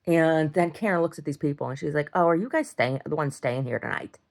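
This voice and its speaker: Middle-aged woman, deep voice, casual video-diary storyteller, rambling and blunt. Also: fairly quick, creaky. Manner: rambling, repeats words and restarts, swears when heated. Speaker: video diarist.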